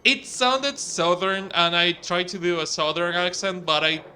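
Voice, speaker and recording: A man commenting on his gameplay in a casual, rambling flow, swearing freely and restarting his sentences. His voice is high and bright, with a little faint noise under it. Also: fairly even intonation, unhurried. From outside the US. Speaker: let's play host.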